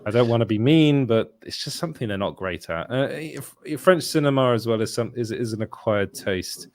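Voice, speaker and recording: A man's voice: medium pitch, lively intonation, normal speed. A man, telling a rambling anecdote in casual chat, often correcting himself. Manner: rambling, self-correcting storyteller with laughs. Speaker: podcast host.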